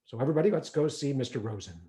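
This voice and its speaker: A hearty, slightly salesy scoutmaster played by a man welcomes a room full of families. He speechifies in a folksy way, stopping for little "uh" pauses. The voice stays close to the storyteller's own, and the pitch moves freely. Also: expressive, dark tone, natural voice. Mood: welcoming speech. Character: hearty middle-aged male scoutmaster, salesy.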